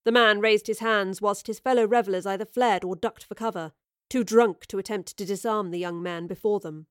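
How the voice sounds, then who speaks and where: A woman reading a scripted story aloud in a measured, expressive storytelling manner. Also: mid-range voice, no echo, studio quality. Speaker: narrator. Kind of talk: scripted narration.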